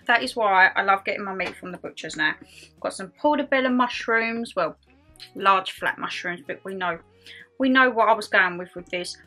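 A woman's voice: medium pitch, moderate pace, bright, forceful tone, soft background music. A woman vlogging casually to camera over dinner, chatty and self-mocking, talking with her mouth full. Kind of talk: casual chat to camera while eating.

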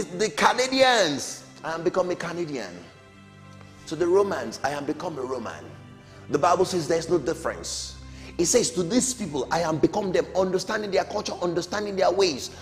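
A man's voice: sits high, lively intonation, moderate pace. A middle-aged man teaching a Sunday school Bible lesson, emphatic, with rising calls and falling amens. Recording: long hall reverb, faint music.

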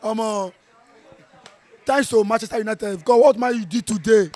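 A Nigerian man with a strained voice from shouting, reacting to a football match in an animated, playful way, slipping into Pidgin. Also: high voice, moderate pace. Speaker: football fan. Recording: outdoor viewing center.

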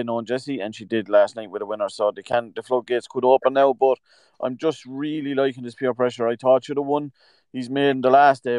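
Smooth-voiced racing tipster. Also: male voice, mid-range voice, darkish tone, no room sound. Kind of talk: casual racing preview chat.

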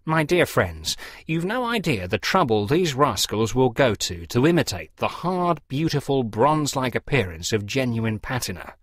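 A man's voice: mid-range voice, sing-song, normal speed, a bit bright, no echo, studio quality. A man voicing a fussy, pompous middle-aged clergyman who lectures in a precise, theatrical way. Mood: lecturing.

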